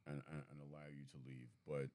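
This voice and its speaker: A man's voice: very deep voice, little pitch movement, fast talker, warm tone. A man co-hosting a comedy podcast in a studio, playful and rambling, often repeating words as he builds a bit. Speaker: podcast co-host. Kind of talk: casual comedic chat.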